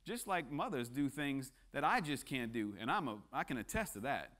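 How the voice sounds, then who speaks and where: A man's voice: medium pitch, very animated, moderate pace, a bit bright. A man speaking as a guest at church, preaching a casual sermon that mixes jokes with earnest appeals and frequent restarts. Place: church sanctuary.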